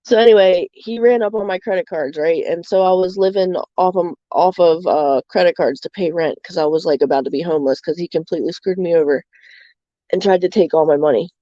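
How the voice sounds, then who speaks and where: A woman's voice: on the low side, brisk, dark tone, no echo, muffled recording. A young adult woman streaming live, chatting candidly with many fillers. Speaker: livestream host. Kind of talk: casual chat.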